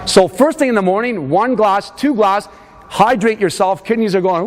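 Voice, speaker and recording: A man's voice: high-pitched, normal speed. A man leading a motivational fitness seminar, urging a live audience on with lots of energy. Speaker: fitness coach. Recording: reverberant hall.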